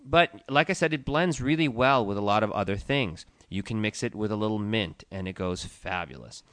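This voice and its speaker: On a casual podcast, a co-host who owns a tea shop steadily explains an herbal tea's uses and lists its properties. His voice is on the low side, animated and fairly bright, at normal speed with no echo.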